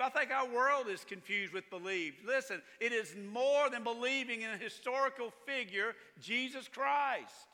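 A pastor preaches with emphatic conviction, pushing into forceful, driving stretches. His voice sits high for a man and rings very bright and cutting. Long reverb trails behind his words in the sanctuary. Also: moderate pace, few pauses. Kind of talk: sermon.

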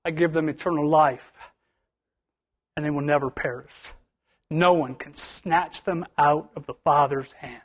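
A man's voice: a little high, steady tone, measured pace, husky. A male pastor preaching a sermon to his church, building to emphatic bursts with much repetition.

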